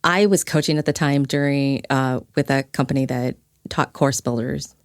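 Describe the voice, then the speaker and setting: Woman podcast host and coach, very deep voice, thoughtful, dry close sound. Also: fairly even intonation, normal speed, no room sound. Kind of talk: casual conversation.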